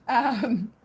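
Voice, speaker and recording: A woman's voice: a little high, breathy edge. A young woman hosting a tarot livestream from home, chatting casually, giggling often and swearing freely. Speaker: tarot reader livestream host. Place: home, indoors.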